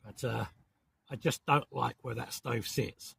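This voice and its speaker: A gravelly-voiced camping vlogger from southern England, speaking with a southern English accent, gives a casual talk to camera from a small, hot tent in woodland. His pitch is medium and his intonation fairly even as he rambles and chats, sprinkling in mild swearing and quick apologies. Soft outdoor ambience and slight background noise hang faintly behind him.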